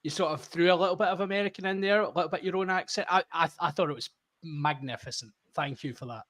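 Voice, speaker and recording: A man's voice: on the high side, quick pace, a bit bright. A man co-hosting a casual podcast, teasing with stammered restarts. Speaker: podcast co-host.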